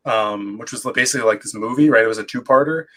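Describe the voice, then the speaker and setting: A man's voice: fairly low pitch, fast talker, a bit bright. A man, a guest comic book creator, chatting casually and rambling with lots of fillers in a livestream interview.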